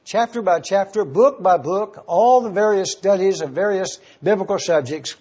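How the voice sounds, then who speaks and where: A man preaches verse by verse at an unhurried, deliberate pace, stopping to spell out words one letter at a time. His voice sits a little high for a man and carries a husky edge. The recording is dull and lo-fi. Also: a little mellow. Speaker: pastor. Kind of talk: verse-by-verse Bible teaching sermon.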